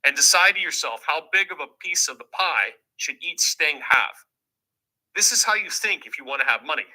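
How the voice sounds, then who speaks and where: A man's voice: fairly high pitch, lively intonation, normal speed, pushed and bright, poor audio. A man giving money advice in a lecturing way, asking rhetorical questions and answering them himself. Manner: emphatic, repeats rhetorical questions. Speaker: financial commentator in a played clip.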